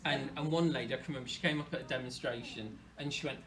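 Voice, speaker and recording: A man, a medium talking casually to an audience, chatty and animated. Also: fairly high pitch, fast, hardly any pauses, a crowd in the background. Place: hall with an audience.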